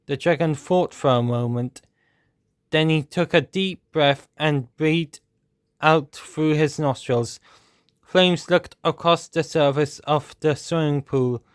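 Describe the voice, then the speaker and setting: Male storyteller, steady measured read-aloud, dry close sound. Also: fairly high pitch, smooth, no echo. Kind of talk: reading a children's storybook aloud.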